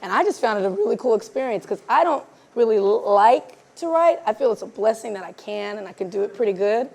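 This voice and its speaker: A woman film director, a guest being interviewed live in front of an audience, chats casually on stage and acts out the dialogue in her stories. Her voice is a little high and creaky, and she talks fast, telling her tales in an animated way.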